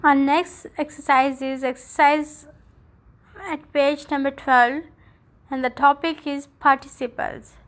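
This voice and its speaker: A woman teacher giving a recorded English grammar lesson, explaining slowly and carefully and spelling out letters. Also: high voice, fairly even intonation, a bit bright. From Pakistan.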